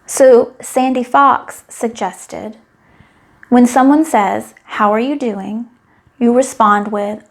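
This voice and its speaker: Candid higher-voiced woman vlogger. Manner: candid, wry, emotionally open. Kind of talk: personal reflective monologue.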